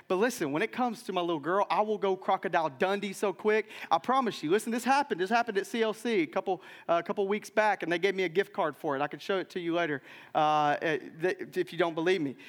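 High-pitched guy preaching a sermon in church, lots of "right?", long echoey hall sound. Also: fast. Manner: animated storytelling with frequent "right?" asides. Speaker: pastor. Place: church sanctuary.

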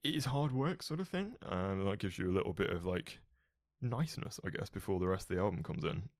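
A man with a very deep voice talks casually on a podcast. He sounds enthusiastic, swears freely and fills gaps with 'like' and 'sort of'. The recording is dry and close. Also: animated, brisk, no echo. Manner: enthusiastic, sweary, filler-heavy. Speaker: podcast co-host. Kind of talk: casual chat.

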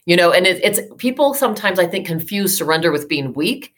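Low-voiced woman in her 50s, life coach guest, earnest, lots of you knows and restarts. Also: animated, brisk, a bit bright. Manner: earnest, emotional, many fillers and restarts. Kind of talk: personal storytelling in an interview.

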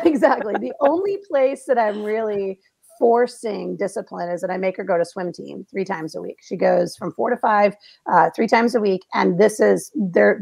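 A middle-aged woman hosting a podcast, telling stories in a lively way and laughing often. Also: medium pitch, vocal fry, husky, dry recording. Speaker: podcast host. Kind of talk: casual chat.

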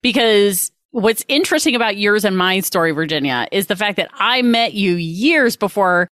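A woman co-hosting a casual conversation who talks in a reflective way, thinking out loud. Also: medium pitch, expressive, normal speed, no echo, clean studio sound.

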